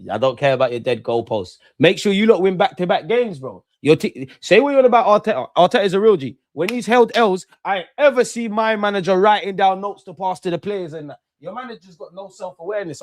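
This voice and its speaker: A man's voice: high-pitched, dry recording, clean studio sound. A young man, a streamer ranting and mocking rival fans in slang-heavy banter during a live football watch-along. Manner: brash, mocking rants with London slang.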